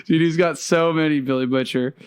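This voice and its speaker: A man co-hosting a podcast in casual chat, excitable, swearing and laughing often. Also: fairly high pitch, fairly quick, clean tone, no room sound. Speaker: podcast co-host.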